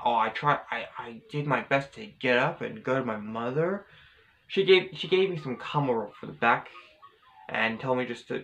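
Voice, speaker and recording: A man's voice: medium pitch, gravelly, fairly bright tone, rough recording. A man vlogging casually, telling a personal story in a rambling, hesitant way with many restarts.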